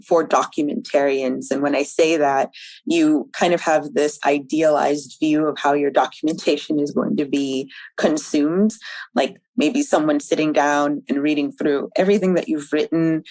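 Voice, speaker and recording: A woman guest on a podcast interview, answering in a thoughtful, measured way with frequent ums. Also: sits low, a little mellow, no room sound, low-quality recording. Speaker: podcast guest, documentation manager.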